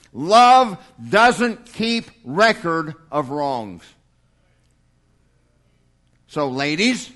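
An older pastor delivers a sermon with a folksy, humorous touch, slipping into little acted-out exchanges. His voice is a bit bright and sits fairly high for a man.

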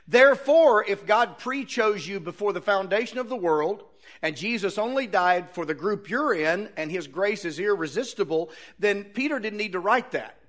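Man, high voice, emphatic preacher, rhetorical questions, sermon. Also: lively intonation, normal speed, fairly bright tone. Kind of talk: sermon with Bible readings.

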